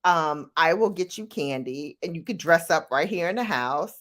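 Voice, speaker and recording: A woman's voice: low voice, lively intonation, normal speed, a bit bright. A woman voicing her strict older grandmother, firm and matter-of-fact. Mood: stern.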